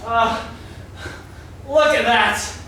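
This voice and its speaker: A man's voice: extremely high pitch, extremely slow, very noisy, voice pushed up, full character voice. A man playing a boisterous, grandiose company boss in live solo improv. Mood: jovial. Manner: blustering, grandiose showman. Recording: echoey stage from far off.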